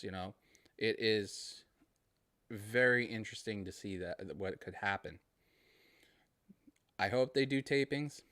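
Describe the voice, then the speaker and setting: A man's voice: lowish voice, fairly bright tone, clean tone, no echo, studio quality. A man from Massachusetts with a Boston accent, hosting a casual solo podcast and rambling in a friendly way. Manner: rambling, friendly, laughs between thoughts. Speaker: podcast host.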